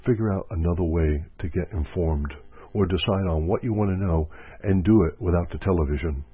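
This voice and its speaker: A man's voice: deep voice, fairly quick, breathy edge. A man giving a reflective spiritual teaching talk as a counselor, repeating phrases for emphasis. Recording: dry, phone-like narrow sound.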